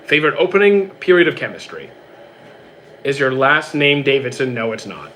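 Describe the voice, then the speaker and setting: A young man streaming live, reading out chat questions and answering them in quick, casual bursts. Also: medium pitch, big pitch swings, pushed and bright, a little hiss or hum. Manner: quick, reads questions aloud then answers briefly.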